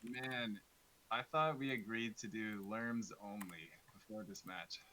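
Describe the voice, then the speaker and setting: A man talking casually as a player from the other team, relaxed and laughing. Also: on the low side, measured pace, rough recording. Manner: laid-back, laughs. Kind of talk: casual chat.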